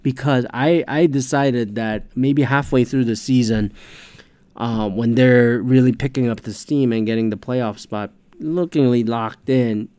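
Man, podcast host, heated profane rant, mid pitch, dry close sound. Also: fairly even intonation, a little slow, darkish tone, smooth, no room sound.

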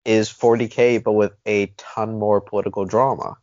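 A man of middling pitch chats playfully on a podcast, laughing easily and leaning into exaggeration. His voice sounds dry and close, with muffled, lo-fi audio. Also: flat delivery, moderate pace, darkish tone, dry recording. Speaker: podcast guest. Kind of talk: casual chat.

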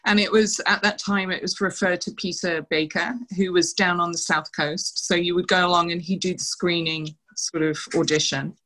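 Middle-aged woman, interview guest, animated storyteller, slightly low and crisp. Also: normal speed, hardly any pauses, low-quality recording. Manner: animated anecdotes, quoting others with laughs. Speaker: interview guest, former showgirl dancer.

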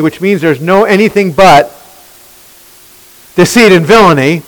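A man's voice: on the high side, normal speed, pauses often, poor audio. A male pastor preaching a sermon, emphatic and constantly questioning his listeners. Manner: animated, questioning the congregation, emphatic.

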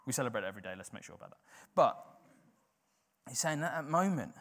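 A man's voice: mid-range voice, sing-song, fast, fairly bright tone. A man preaching a sermon in an informal, conversational way, often filling with "like".

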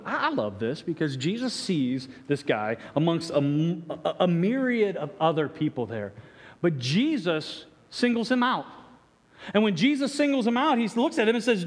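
A man's voice: sits high, very animated, moderate pace. A man preaching a sermon as pastor, stumbling through many restarts and acting out voices. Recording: echoey hall reverb.

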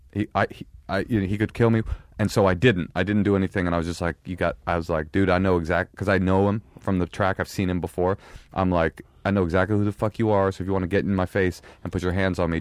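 Low-voiced man telling profane stories. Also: no room sound, studio quality. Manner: profane, animated anecdote teller who acts out dialogue. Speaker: podcast co-host. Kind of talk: casual chat, storytelling.

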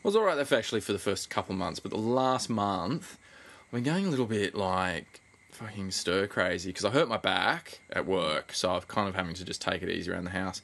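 A man's voice: low voice, animated, brisk, creaky, fairly bright tone. A young Australian man on a podcast, telling a story with lots of laughs and swearing. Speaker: podcast co-host. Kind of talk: casual chat.

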